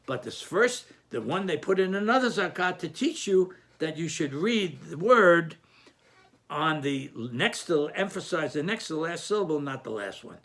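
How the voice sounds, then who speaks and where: A man's voice: on the high side, animated, normal speed, a bit bright. A man teaching a spoken lesson on cantillation, patient and explanatory, often restarting his phrases.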